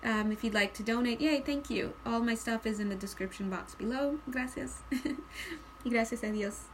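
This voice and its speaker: A woman's voice: on the high side, steady tone, normal speed, a little hiss or hum. A woman giving a casual tarot reading, chatty and giggly, sometimes sighing in put-on voices. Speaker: tarot reader.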